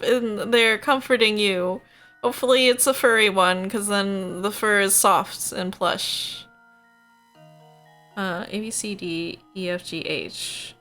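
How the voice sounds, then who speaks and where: A woman's voice: mid-range voice, slow pace, sharp tone, faint music behind. A woman streaming a video game, chatting playfully with viewers, giggling and reading puzzles aloud. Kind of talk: casual let's play chat.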